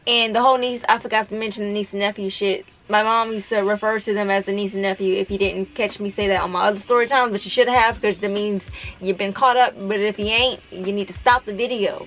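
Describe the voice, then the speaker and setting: A woman's voice: mid-range voice, a bit bright, poor audio. A young woman telling a story to camera in a vlog, blunt and profane, talking straight to her viewers. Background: faint background music.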